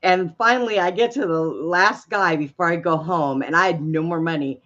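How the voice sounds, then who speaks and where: A woman's voice: on the low side, moderate pace, a bit bright, dull audio. A woman hosting a casual chat show, telling playful, jokey stories. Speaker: host.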